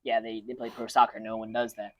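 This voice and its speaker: A man's voice: on the low side, little pitch movement, fast, a bit bright. A man ranting in casual chat with friends, rambling with many restarts and fillers. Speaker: podcast co-host. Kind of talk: casual rant among friends.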